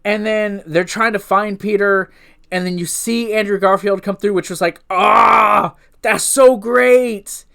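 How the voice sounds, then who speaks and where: A man's voice: high voice, steady tone, moderate pace, a bit bright, smooth. A man giving a casual, unscripted movie review, rambling with restarts and swearing freely as an eager fan.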